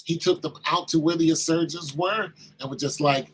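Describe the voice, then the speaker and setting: A man's voice: on the high side, animated, unhurried, long pauses, bright, forceful tone, breathy edge, poor audio. A man talking casually and with animation, acting out quoted exchanges as he tells the story. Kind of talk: casual talk.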